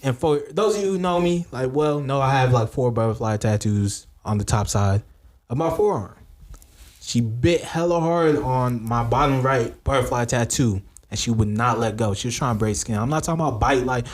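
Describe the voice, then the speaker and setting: A podcast co-host with a mid-range voice at normal speed tells a story in casual chat. He's an animated storyteller who acts out the quoted lines.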